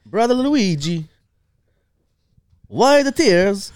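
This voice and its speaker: A man voicing a loud, hammy Italian plumber in an improvised comedy skit, drawn out in a put-on Italian accent. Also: high voice, big pitch swings, drawn-out words, clean tone, exaggerated voice.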